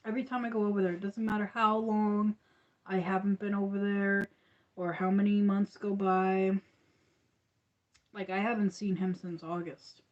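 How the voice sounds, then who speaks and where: A woman's voice: medium pitch, little pitch movement, moderate pace, highs cut off. A woman hosting a crochet livestream, chatting casually and rambling with frequent laughs.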